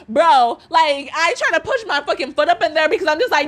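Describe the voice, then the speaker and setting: A young woman hosting a podcast, telling a profane, animated storytime rant, acting out dialogue and laughing often. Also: high voice, fairly quick, hardly any pauses. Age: young adult. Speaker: podcast host.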